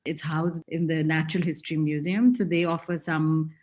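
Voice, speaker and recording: Woman in her thirties, podcast guest, earnest and slightly rambling, notably low voice. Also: flat delivery, normal speed, darkish tone. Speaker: guest, museum-going mom. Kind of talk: podcast interview.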